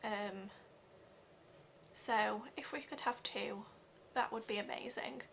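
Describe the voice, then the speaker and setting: A young woman giving an earnest personal vlog update, talking haltingly with many fillers. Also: medium pitch, vocal fry, a bit bright, a little hiss or hum. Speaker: vlogger.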